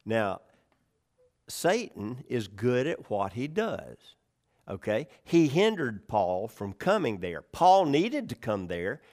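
A man preaching a conversational verse-by-verse sermon, asking his listeners questions and adding folksy jokes. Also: mid-range voice. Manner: conversational, checks in with the congregation, asks questions; folksy humor. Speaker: pastor. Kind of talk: sermon, verse-by-verse Bible teaching.

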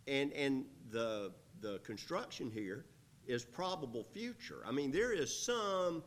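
Slow, lively-pitched male Bible teacher. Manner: conversational, rising to emphatic when reading scripture; frequent fillers and checking in with listeners.

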